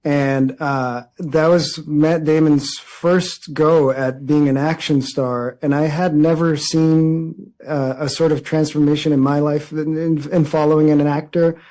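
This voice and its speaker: A man speaking in a fairly high voice for his sex, thoughtful and earnest. He restarts his sentences often as he works out what he means, the way someone does in a press interview. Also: flat delivery, unhurried, hardly any pauses, a little mellow, poor audio. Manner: earnest, reflective, many restarts. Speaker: interviewee, actor.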